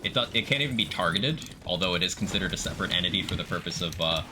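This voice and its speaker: A man's voice: sits low, expressive, racing. A man streaming live, casually explaining game mechanics in detail while greeting viewers in chat. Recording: background noise.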